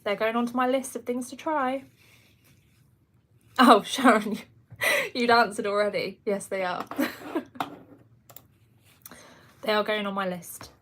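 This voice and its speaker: A woman's voice: on the high side, steady tone, a little slow, long pauses, a bit bright, slight background noise. A woman in her twenties with a Kent accent, chatting casually on a livestream and answering viewer comments with frequent laughs. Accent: Kent English. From England. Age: 20s. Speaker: livestream host. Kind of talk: casual live chat.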